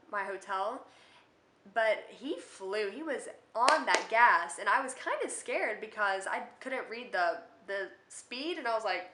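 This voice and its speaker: Chatty young woman, bright echoey vlog. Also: medium pitch. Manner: chatty and rambling, many filler words. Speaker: vlogger. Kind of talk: casual storytime vlog. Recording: echoey room.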